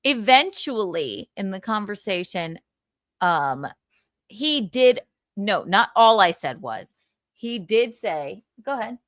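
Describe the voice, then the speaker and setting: A woman hosting a livestream, ranting heatedly about a man and swearing, with sudden loud outbursts and lots of repetition. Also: mid-range voice, very animated, takes it slowly, dry recording. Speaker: livestream host. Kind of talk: angry gossip rant on a livestream.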